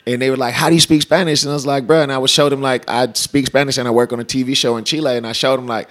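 A man's voice: medium pitch, very fast. A young man from California, a comedian and actor, telling stories in casual, slangy chat and voicing the people he quotes. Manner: laid-back, slangy, animated when quoting people.

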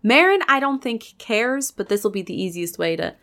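A woman playing a tabletop game, chatty and thinking out loud as she describes her actions. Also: medium pitch, lively intonation, normal speed. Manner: chatty, laughs easily, thinks aloud. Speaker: player.

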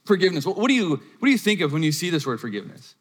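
A man's voice: fairly high pitch, very animated, rapid-fire, husky, soft background music. A man preaching a sermon as pastor in a church, talking conversationally and often restarting his sentences. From United States. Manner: conversational, storytelling with frequent restarts. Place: church auditorium. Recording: long reverb of a church hall.

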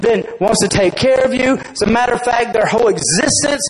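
A man's voice: very high-pitched, brisk, slight background noise, rough recording. A man preaching a sermon as a pastor, emphatic and storytelling.

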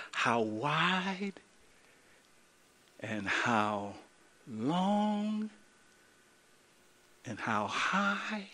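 A man preaching a sermon as pastor, swinging from loud, urgent lines to hushed, slow ones. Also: fairly high pitch, sing-song, long reverb tail.

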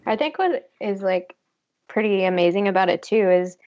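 A woman's voice: medium pitch, expressive, moderate pace, a little mellow, muffled recording. A woman appearing as a podcast guest, sharing thoughtful views on a film in casual conversation. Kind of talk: casual film review chat.

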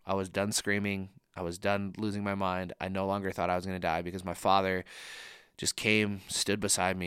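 A man's voice: deep voice, level tone, brisk, a bit bright, clear, resonant tone, no room sound, studio quality. A young man preaching a sermon in an earnest, conversational way, with frequent casual fillers. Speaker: pastor.

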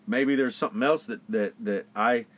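A man's voice: mid-range voice, moderate pace. A middle-aged man from Florida, a podcast guest, ranting in casual chat with heavy swearing. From Pensacola, Florida. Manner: profane, animated ranting.

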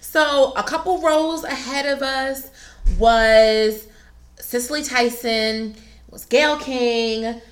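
Lively woman telling a funny story. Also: high voice, slow. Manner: animated, laughing, acts out quotes. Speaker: podcast co-host. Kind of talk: casual storytelling chat.

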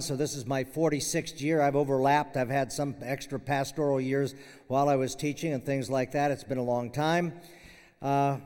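A man's voice: on the high side, darkish tone. An older man, a retiring professor, giving a conversational farewell chapel sermon with frequent fillers and restarts. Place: university chapel hall. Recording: long hall reverb.

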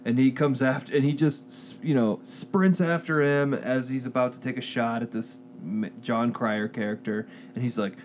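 Animated man retelling a movie plot. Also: medium pitch, a little hiss or hum. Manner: animated storyteller, acts out quotes in quick put-on voices, laughs often. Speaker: podcast co-host.

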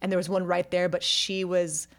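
Lively low-voiced woman telling a story. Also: moderate pace, creaky. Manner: animated storytelling, acts out voices in quotes. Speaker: podcast co-host telling a story. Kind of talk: casual chat.

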